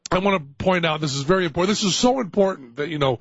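A man's voice: high voice, quick pace, a bit bright, no room sound, muffled recording. A man hosting a radio show in casual banter, rambling and joking with big exaggerations. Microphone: studio microphone.

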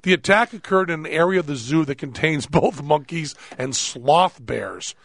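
Middle-aged male radio host, playful rambler, gravelly texture, dry studio sound. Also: on the high side, animated, normal speed, fairly bright tone, dry recording. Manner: playful, rambling, laughs often. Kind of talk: comedic radio talk.

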